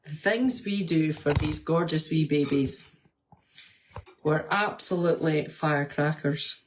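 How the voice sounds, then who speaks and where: A woman with a slightly low voice chats casually on her vlog, answering viewer comments. She is animated and talkative, breaking into laughter often as she tells her stories. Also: a little slow, slight background noise. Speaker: vlogger and nurse.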